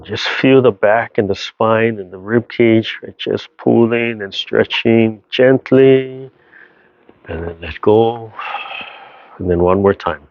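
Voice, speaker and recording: A man teaching a seated tai chi and qigong class over a video call, giving slow, gentle instructions with sighing breaths. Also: fairly low pitch, dull audio. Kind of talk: guided seated exercise class.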